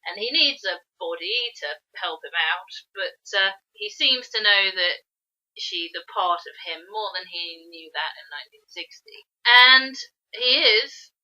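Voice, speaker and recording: Woman, really sharp forceful tone, earnest film podcast chat, breaks down the characters. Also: medium pitch, animated, measured pace, muffled recording. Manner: earnest, explanatory, analyses characters at length. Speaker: podcast co-host. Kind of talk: casual film-review chat.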